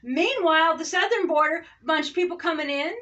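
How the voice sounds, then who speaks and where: Impassioned high-voiced woman preacher. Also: brisk, lo-fi sound. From United States. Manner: impassioned, repetitive "okay?" asides, swings from loud to low. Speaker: all-faith pastor. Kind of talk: ranting sermon-style talk.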